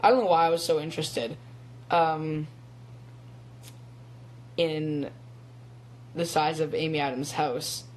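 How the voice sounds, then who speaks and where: A man's voice: a little high, steady tone, slow, long pauses. A teenage boy chatting casually on a phone live stream, rambling with lots of ums and little laughs. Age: teens. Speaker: young actor live-streaming. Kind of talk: casual chat.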